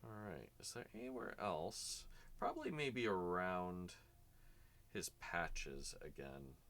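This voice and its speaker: Casting note: man, extremely deep but bright, forceful delivery, easygoing chatty streamer narrating his hobby work. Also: sing-song, slow. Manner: chatty, rambling, talks to chat while working. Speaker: miniature painter and streamer. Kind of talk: casual narrated painting session.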